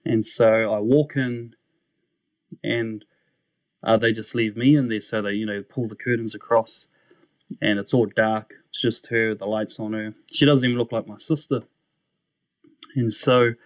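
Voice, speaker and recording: This man, a podcast guest with a New Zealand accent, tells his testimony with real animation, acting out voices and often calling the host "bro." His voice is medium in pitch at a normal speed, recorded dry.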